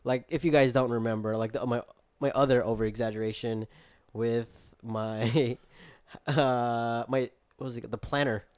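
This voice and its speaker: A man's voice: mid-range voice, steady tone, normal speed, smooth. A young man co-hosts a podcast, telling a story in a loose, rambling way. He fills it with "like" and acts out his friends' lines. His medium voice sounds close and dry, with no room echo. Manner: rambling storytelling full of filler likes, acting out friends' lines. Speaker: podcast co-host. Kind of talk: casual chat.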